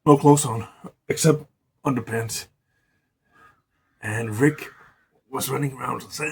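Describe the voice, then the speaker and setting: A man's voice: medium pitch, a little slow, vocal fry, pauses often, a crowd in the background. A man improvising a rambling, profanity-laced story in a casual way, often restarting words.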